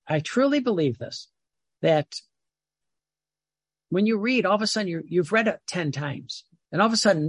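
A man's voice: a little high, slightly rough, no echo. A man giving an informal devotional talk, rambling and repeating words as he reads passages aloud and explains them. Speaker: religious teacher.

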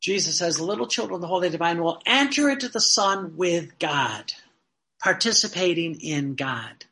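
A man delivering a fervent sermon in a high, very bright voice. He talks earnestly, repeating key phrases for emphasis and reading passages aloud. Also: expressive, moderate pace. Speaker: preacher.

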